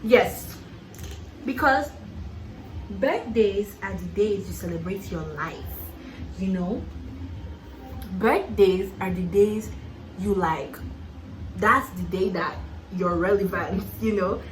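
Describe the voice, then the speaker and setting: A woman's voice: medium pitch, slow, pauses often, faint music behind. Sassy young Nigerian woman, roomy echo. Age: young adult. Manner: sassy, playful, laughs often, calls listener "honey". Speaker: YouTuber. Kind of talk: casual get-ready-with-me chat.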